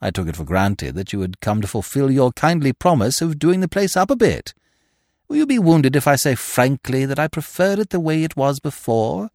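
A man voicing an unflappable young gentleman who speaks in a languid, elaborately polite way. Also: medium pitch, very animated, moderate pace, dry recording, studio quality, voice pushed up. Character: suave young man, unflappable, verbose, whimsical.

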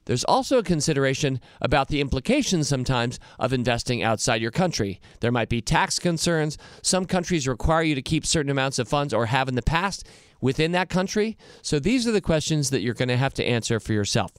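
A male podcast host reads out listener questions and answers them earnestly. His voice is smooth and resonant, and the recording is dry and close. He speaks at a middle pitch. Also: animated, fairly quick, no room sound.

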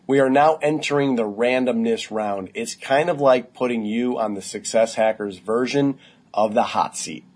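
A man's voice: mid-range voice, darkish tone, husky. A man hosting a podcast interview, upbeat and encouraging as he sums up his guest's points. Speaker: podcast host.

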